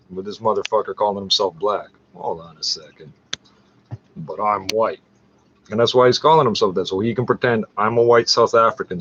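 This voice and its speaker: A man's voice: on the low side, a bit bright, muffled recording, slight background noise. A man ranting in a profane, agitated, rambling way while scrolling through a screen share.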